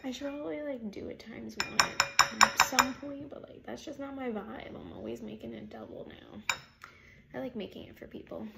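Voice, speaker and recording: A woman hosting a casual cooking video in a home kitchen, talking quietly and chattily, sometimes half-murmuring. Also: a little high, normal speed, gravelly, very noisy. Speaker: home cook, channel host. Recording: kitchen clatter of dishes and utensils.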